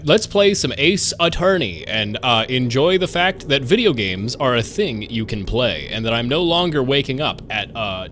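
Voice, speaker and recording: Rambling, excitable male streamer. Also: on the low side, a little hiss or hum. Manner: rambling, excitable, swears freely. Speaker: live streamer. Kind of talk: casual live-stream chat.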